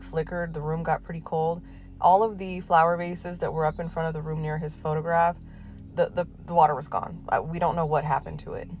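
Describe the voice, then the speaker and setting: A woman's voice: low voice, a little mellow. A woman telling a true ghost story in a casual, chatty way, full of "like" and swearing.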